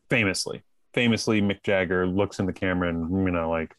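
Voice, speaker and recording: A man's voice: lowish voice, brisk, no room sound. A man, an actor guesting on a podcast, chatting casually with wry, dry humor. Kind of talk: casual chat.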